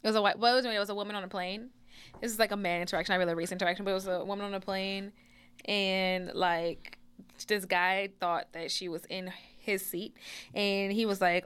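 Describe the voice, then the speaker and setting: A woman's voice: mid-range voice, steady tone, fast talker, a bit bright, clean tone. A woman co-hosting a casual chat show, telling rambling stories in a chatty way. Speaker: podcast co-host.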